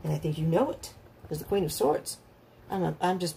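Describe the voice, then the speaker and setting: A tarot reader with a fairly low, mellow, husky voice talks fast as she gives a casual reading. She's blunt and animated, laughing often and acting out the people she describes.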